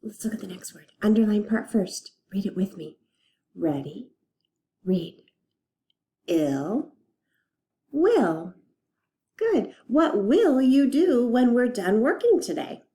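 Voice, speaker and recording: A woman teaching a recorded phonics lesson to young children, slowly and patiently sounding out letters and words. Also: a little high, very animated, warm tone. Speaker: reading teacher.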